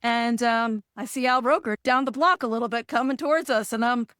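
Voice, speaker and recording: Animated woman telling a story. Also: a little high, brisk, clear, resonant tone, no room sound, studio quality. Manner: animated storyteller who acts out dialogue and laughs. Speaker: podcast guest. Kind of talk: storytelling interview.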